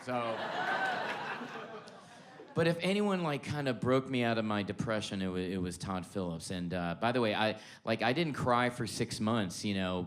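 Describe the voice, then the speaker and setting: Profane stand-up comic, loud to hushed. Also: male voice, on the low side. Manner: loud swings between shouting and hushed confiding; profane, conversational, self-mocking. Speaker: stand-up comedian. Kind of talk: stand-up comedy set.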